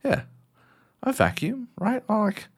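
An Australian man in his thirties co-hosts a casual podcast chat in a gravelly voice with a breathy edge, speaking at a measured pace. He's an animated storyteller who swears a lot and jumps high in pitch when quoting outbursts.

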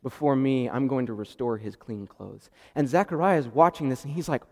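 A man preaching a sermon, animated and acting out the dialogue with sudden jumps in pitch and loudness. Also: a little fast, few pauses. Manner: animated, acts out the dialogue with rising pitch and volume. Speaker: pastor. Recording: long reverb of a hall.

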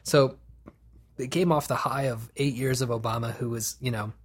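A man hosting a podcast, chatting casually and profanely, animated and laughing often. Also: mid-range voice, normal speed, slightly rough. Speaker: podcast host.

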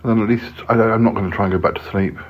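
A man's voice: on the low side, fairly even intonation, very fast, slightly rough. A man hosting a podcast, chatting casually and hesitantly from a hotel room. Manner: rambling, hesitant, with many ums. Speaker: podcast host. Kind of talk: casual solo chat. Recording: dull lo-fi sound.

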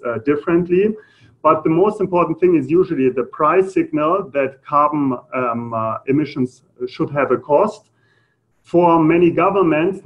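A man with a German accent giving a live lecture, full of hesitant ums and uhs as he explains slides. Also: medium pitch. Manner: hesitant, many fillers. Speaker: lecturer on carbon pricing. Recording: muffled lo-fi lecture audio.

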